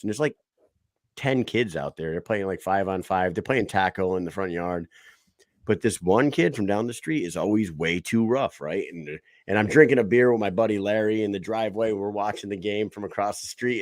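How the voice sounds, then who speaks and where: A man's voice: lowish voice, no echo, studio quality. A man hosting a podcast, telling a loose, profane story and acting out the quotes. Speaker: podcast host. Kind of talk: casual interview chat.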